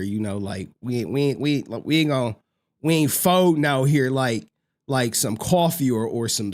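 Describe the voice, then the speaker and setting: Reading super chats aloud, this livestream host speaks in a mid-range voice. His commentary is excitable and full of slang, bursting into shouting and laughter.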